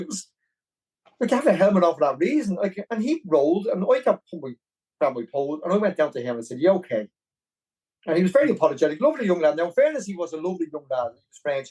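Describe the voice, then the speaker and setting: A man with a Dublin Irish accent, a podcast guest telling a long story in a rambling, animated way. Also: sits high, husky, poor audio. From Ireland. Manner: animated, rambling, with many restarts. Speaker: podcast guest, marathon runner. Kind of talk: casual storytelling.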